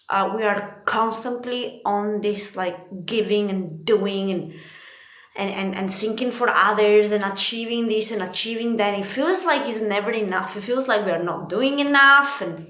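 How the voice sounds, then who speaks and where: A woman's voice: medium pitch, unhurried, a bit bright. A woman from Italy giving a casual spiritual card reading, chatty and laughing often, swearing freely. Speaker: tarot card reader. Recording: echoey room.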